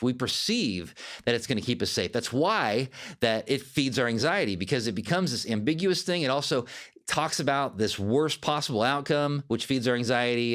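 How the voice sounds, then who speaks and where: Animated male life coach. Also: medium pitch. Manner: animated and conversational. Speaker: life coach and podcast host. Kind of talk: motivational podcast monologue.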